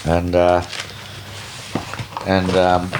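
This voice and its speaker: A middle-aged man with an Australian accent tells a story as a guest, animated and swearing freely, acting out the other people's voices. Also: low voice, extremely slow, background noise. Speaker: guest, veteran BASE jumper. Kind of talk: casual storytelling.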